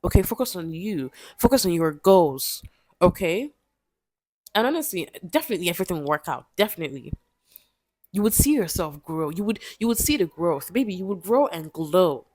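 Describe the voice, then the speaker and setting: A woman's voice: on the low side, very animated, moderate pace, darkish tone. A woman, giving a casual motivational talk to camera, repeating herself with pleading, emphatic encouragement. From Nigeria. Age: 20s. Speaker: vlogger.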